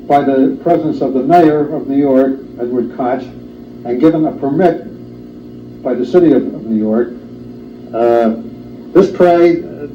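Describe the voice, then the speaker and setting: Man, talk show guest, halting, indignant, filler sounds, faint hiss, muffled recording. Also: mid-range voice. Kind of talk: studio discussion. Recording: roomy, distant, dull old studio tape with faint hiss.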